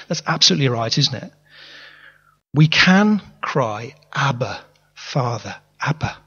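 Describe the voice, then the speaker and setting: A slightly high, somewhat bright male voice belongs to a pastor giving an earnest sermon in a church hall. He tends to restart his words and pose questions to the congregation. The audio is lo-fi and dull, with plenty of hall reverb.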